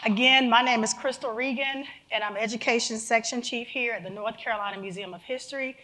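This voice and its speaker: A woman's voice: a little high, brisk, sharp tone, slight background noise. A woman moderating a museum panel discussion, introducing guests in an upbeat manner with laughing asides. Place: museum auditorium.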